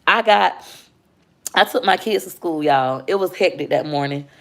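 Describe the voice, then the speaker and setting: A woman's voice: lowish voice, moderate pace, gravelly, fairly bright tone. Candid mom telling her story. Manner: candid, heartfelt, addresses viewers as y'all. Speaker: mother and livestream host. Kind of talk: emotional personal storytelling on a livestream.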